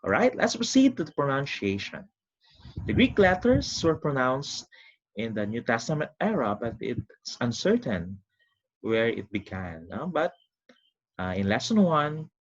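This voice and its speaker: A man teaching a recorded online lesson, speaking slowly and deliberately and asking listeners to repeat words after him. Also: mid-range voice, big pitch swings, highs cut off. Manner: slow, deliberate teaching with call-and-repeat drills.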